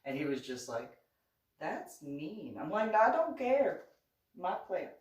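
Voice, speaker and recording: A woman vlogger telling a story in a casual monologue, indignant and animated, acting out the dialogue. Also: fairly low pitch, slow pace. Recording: roomy echo, voice far from the mic.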